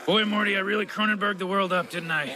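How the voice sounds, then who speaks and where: A man's voice: sits high, steady tone, quick pace, very noisy, lightly acted. A man voicing an arrogant old male scientist in a cartoon who rambles and stammers. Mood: mocking. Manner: brash and dismissive. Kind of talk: cartoon voice acting.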